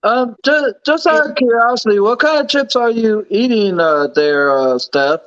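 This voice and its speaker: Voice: mid-range voice, animated, moderate pace, lo-fi sound. A stream guest speaking in hesitant casual chat, full of uhs and restarts.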